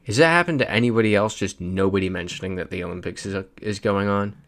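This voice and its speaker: A man's voice: on the low side, fast, fairly bright tone. A man hosting a casual livestream, chatting loosely and reading viewer messages aloud as he plays. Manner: chatty, reads chat messages aloud while playing. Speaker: livestream host. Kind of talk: casual live-stream chat.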